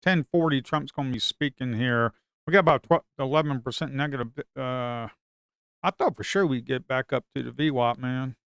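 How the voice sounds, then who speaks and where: Male trader streaming live, mutters, repeats himself, curses; smooth, close, dry sound. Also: medium pitch, normal speed, a bit bright, no echo. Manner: talks to himself and viewers, repeats phrases, swears. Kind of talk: live trading commentary.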